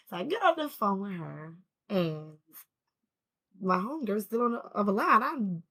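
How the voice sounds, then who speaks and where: A woman's voice: mid-range voice, sing-song, measured pace, fairly bright tone, breathy edge. A woman rambling through a casual, slangy story in a personal video, grieving and emotional, the mother of a teenage son. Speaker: vlogger.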